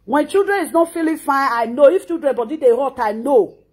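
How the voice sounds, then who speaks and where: A woman's voice: high voice, lively intonation, brisk, a little mellow. A Nigerian woman in her thirties with a Nigerian Pidgin accent, scolding in an impassioned reaction monologue and often repeating words. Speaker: social media commentator.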